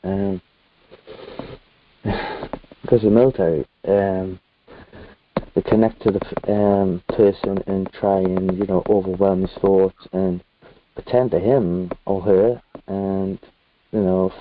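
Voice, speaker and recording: British guy on a video call, low voice, rambly and earnest, lots of ums, sounds tinny like a phone. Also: flat delivery, slow pace, long pauses, noisy background. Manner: earnest, rambling with many fillers. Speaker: guest. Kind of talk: casual video-call chat.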